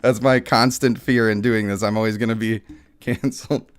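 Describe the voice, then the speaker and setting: A man's voice: lowish voice, steady tone, normal speed, clear, resonant tone. A man hosting a mobile gaming channel, chatting casually, laughing often and joking at his own expense, with bits of dramatic reading.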